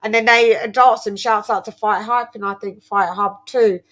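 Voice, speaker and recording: Bright-voiced, animated woman host. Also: medium pitch, normal speed. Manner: animated and playfully exaggerated, with stammered restarts. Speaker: boxing show host. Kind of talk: casual chat.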